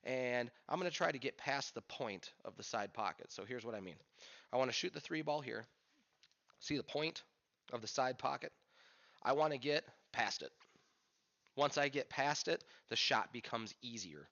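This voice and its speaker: Coaching as he plays pool, a man voices his thoughts openly for the learner. The delivery is animated and at normal speed, with a medium pitch and fairly bright tone, captured on a dull lo-fi recording.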